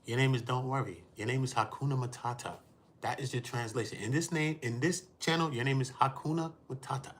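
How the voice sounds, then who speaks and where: A man's voice: medium pitch, fairly quick. A man hosting a casual livestream, talking in heavy street slang, cursing, preaching and addressing his chat directly. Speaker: livestream host.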